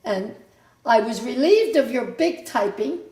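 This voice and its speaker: An older woman with a high voice tells family stories to her grown child in a loose, meandering way, circling back and correcting herself as she goes. The sound is roomy and echoey, as if recorded in an open room at home. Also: animated, a little slow, warm tone. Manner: rambling, self-interrupting storyteller. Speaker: mother recounting family history. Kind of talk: casual family reminiscence.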